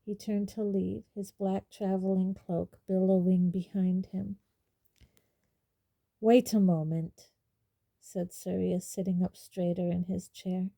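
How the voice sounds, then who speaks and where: Brief: woman audiobook narrator, measured, slow, very mellow tone. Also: mid-range voice, monotone, vocal fry, poor audio. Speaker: audiobook reader. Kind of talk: storybook narration.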